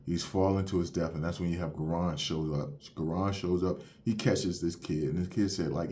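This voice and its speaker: A man's voice: low voice, fairly even intonation, normal speed, few pauses, warm tone, slight background noise. A young man recapping a manga chapter in loose, slangy casual talk, walking through the plot step by step. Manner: loose and slangy, retelling the plot with "you have it where". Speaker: manga reviewer.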